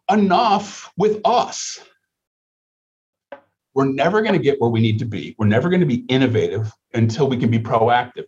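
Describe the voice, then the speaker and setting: A man's voice: medium pitch, darkish tone, highs cut off. A man answering interview questions about healthcare in an emphatic, rhetorical manner, repeating his points. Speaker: healthcare leader guest.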